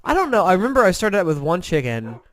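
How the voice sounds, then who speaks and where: A high-pitched, very animated man talks fast with a fairly bright tone, casually chatting over the game he's playing in a let's-play. He's a gaming commentator from Indiana, USA, rambling and poking fun at himself, tired and yawning after little sleep.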